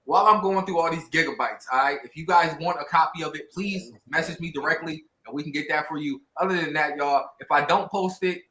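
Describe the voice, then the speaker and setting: A man's voice: a little high, a little fast, few pauses, pushed and bright, echoey room, poor audio. A man hosting a livestream, talking loosely and profanely and laughing with friends in the room. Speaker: livestream host. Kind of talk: casual livestream chat.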